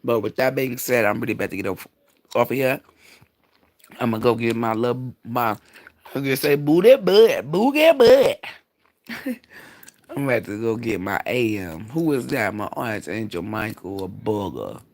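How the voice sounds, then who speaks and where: A man's voice: lowish voice, lively intonation, normal speed. A man talking casually on his own livestream, blunt and rambling, swearing freely as he goes. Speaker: livestream host.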